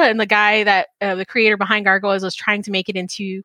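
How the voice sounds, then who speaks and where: A woman's voice: mid-range voice, level tone, quick pace, bright, forceful tone, dry recording. A woman hosting a casual podcast interview, gushing and laughing often. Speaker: podcast host.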